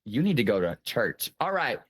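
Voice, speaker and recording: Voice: medium pitch, big pitch swings, normal speed, husky. A game show host with a campy, teasing manner, sounding tired. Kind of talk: casual comedic game hosting.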